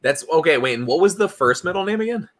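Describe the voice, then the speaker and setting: A man co-hosting a casual chat, curious and halting, restarting his questions. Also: fairly high pitch, expressive. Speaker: podcast co-host.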